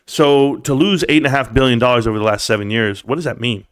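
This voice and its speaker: A man's voice: medium pitch, quick pace, fairly bright tone, clear, resonant tone. A man hosting a livestream, ranting sarcastically and with swearing at viewers in his chat. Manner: addresses chat viewers by name. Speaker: livestream host.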